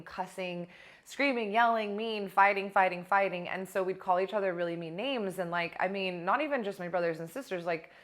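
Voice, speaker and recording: A young adult woman coach talking casually to camera in a blunt, animated way, swearing now and then. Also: medium pitch. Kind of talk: casual direct-to-camera talk.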